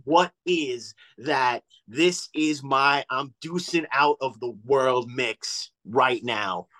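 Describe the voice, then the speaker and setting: A man's voice: medium pitch, slow pace, bright, forceful tone, poor audio. A man co-hosting a radio show, musing about blending music styles in a rambling way before asking a question. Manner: rambling and reflective, many fillers. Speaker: radio co-host. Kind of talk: casual radio chat.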